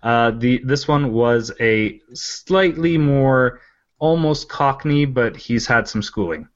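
A man's voice: medium pitch, slow pace, highs cut off. A man hosting a casual podcast, laughing often and stammering through restarts. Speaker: host.

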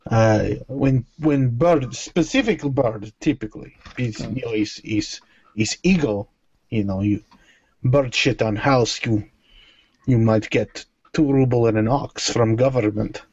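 A man putting on a mock-Russian accent with broken English and deadpan jokes. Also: medium pitch, a little slow, breathy edge, dry recording. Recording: dull lo-fi sound with faint noise.

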